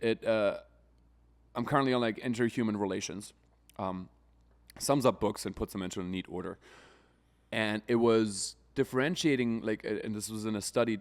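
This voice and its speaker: A man co-hosting a podcast in casual, profane conversation, often acting out other people's voices. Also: medium pitch. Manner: profane, animated, acts out voices. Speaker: podcast co-host.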